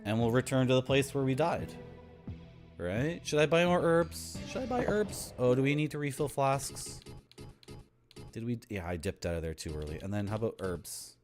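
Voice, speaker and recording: Playful man streaming a game, lively pitch. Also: normal speed. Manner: playful, joking with chat. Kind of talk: casual gameplay commentary. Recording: game music behind voice.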